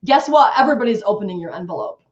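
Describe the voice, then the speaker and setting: A woman's voice: mid-range voice, expressive, very fast, a little mellow. A woman guest coach on a live webinar, talking emphatically and acting out sales scripts. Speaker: guest real estate coach. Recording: echoey, dull lo-fi stream audio.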